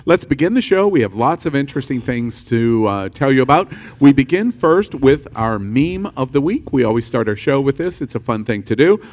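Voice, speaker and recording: A man hosting a live-streamed panel talk show, upbeat and quick to laugh, cutting in on his guests. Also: medium pitch. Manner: lively, laughing, interrupts guests.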